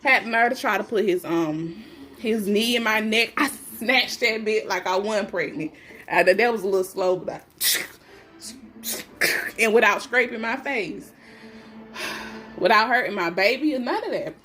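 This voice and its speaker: A pregnant woman telling her own story in a loose, casual way. She is blunt and defiant and swears freely. She slips into other people's voices as she acts out what they said, and her own voice sits at a mid pitch. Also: moderate pace, long pauses, soft background music. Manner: animated, acts out others' lines in shifted voices. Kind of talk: casual first-person storytelling.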